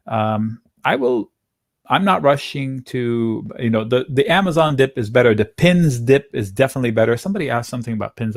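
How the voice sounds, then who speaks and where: A man's voice: medium pitch, dry recording, studio quality. A man hosting a live options trading webinar, chatting casually and thinking aloud as he goes through charts. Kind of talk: live market commentary.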